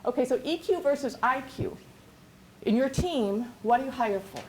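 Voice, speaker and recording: A woman business coach giving an energetic, rambling workshop lecture with many restarts. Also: high-pitched, normal speed, slight background noise, low-quality recording.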